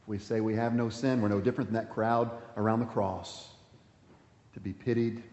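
A man pastor preaching a sermon, swinging between emphatic points and hushed, quiet passages. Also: on the low side, steady tone, normal speed. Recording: echoey hall, dull sound.

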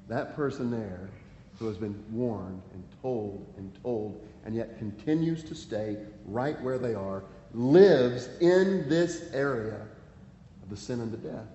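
A man's voice: mid-range voice, animated, moderate pace, warm tone. A man preaching a sermon, earnest and pleading, reading scripture aloud with emphasis. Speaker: pastor. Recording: echoey hall, dull lo-fi sound, faint ambience.

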